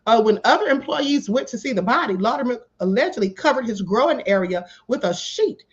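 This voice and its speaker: A woman's voice: a little high, expressive, a little fast. A woman hosting a live stream, reading news stories aloud in a chatty way and calling her viewers honey. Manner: chatty, calls viewers honey, bursts into laughter. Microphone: home live stream setup. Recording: slightly dull lo-fi stream audio.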